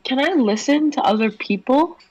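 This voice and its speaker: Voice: high voice, expressive, normal speed, darkish tone, breathy edge, no room sound, muffled recording. A player in a tabletop game, speaking hesitantly with many "um"s and "I guess". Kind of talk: casual tabletop play.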